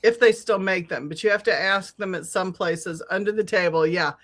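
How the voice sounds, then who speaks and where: A middle-aged woman telling a long, animated story on a podcast, swearing freely and laughing often. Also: mid-range voice, moderate pace. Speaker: podcast co-host. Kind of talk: casual storytelling chat.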